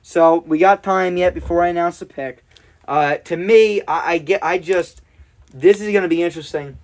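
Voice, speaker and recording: A man giving live reaction commentary, excitable and emotional, often repeating himself as he talks to viewers. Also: sits high, moderate pace.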